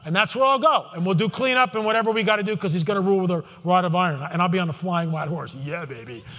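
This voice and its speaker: A man's voice: sits high, fast, bright, forceful tone, long reverb tail. A man giving an impassioned conference talk from a stage, fervent and emphatic, with many asides and restarts. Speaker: conference speaker.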